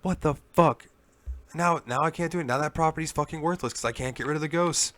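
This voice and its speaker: A man's voice: fairly high pitch, fast talker, a bit bright, voice pushed up, natural voice. A man voicing a furious, foul-mouthed woman vampire from a video game, screaming and swearing at the player.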